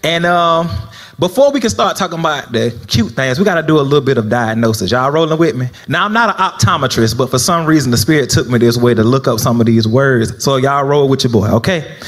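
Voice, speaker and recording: With a fairly bright voice on the high side, a young man from South Florida preaches a sermon as minister. He chats with the congregation, checks in on them, and laughs in between.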